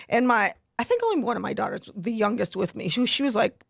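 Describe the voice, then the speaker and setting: Animated storyteller woman, dry close mic. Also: a little high, a little fast, creaky, hardly any pauses, no room sound. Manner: animated, laughs a lot, acts out quotes. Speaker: podcast host. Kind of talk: casual storytelling chat.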